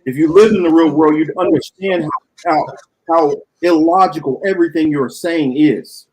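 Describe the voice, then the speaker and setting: A man's voice: a little high, normal speed, darkish tone, low-quality recording. A man co-hosting a political talk show, arguing bluntly and with profanity in a heated debate.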